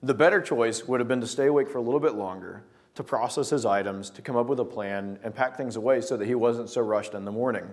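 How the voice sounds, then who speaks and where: A man telling a personal story with lively acted-out scenes, then drawing a devotional lesson from it. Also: mid-range voice, quick pace. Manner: lively storyteller, acting out scenes, often restarting words. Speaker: speaker telling a story to make a life lesson. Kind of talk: anecdote-driven devotional talk.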